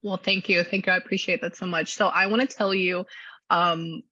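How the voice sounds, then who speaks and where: A woman's voice: fairly low pitch, steady tone, normal speed, sharp tone, no room sound, muffled recording. A woman working as a psychic medium, talking casually and gushingly through a reading, with many restarts. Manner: chatty, gushing, restarts often.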